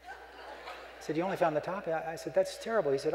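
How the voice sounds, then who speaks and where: A man's voice: on the high side, fast, slight background noise. A middle-aged man giving a humorous keynote speech, a folksy joking storyteller, speaking on a stage microphone in a conference hall. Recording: echoey hall, live.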